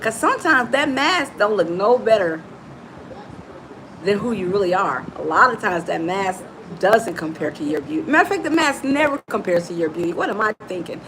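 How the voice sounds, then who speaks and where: A woman's voice: medium pitch, lively intonation, moderate pace, fairly bright tone, a little hiss or hum, poor audio. A middle-aged woman hosting a live motivational talk, emphatic and preachy, calling her listeners "baby". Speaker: motivational coach and host.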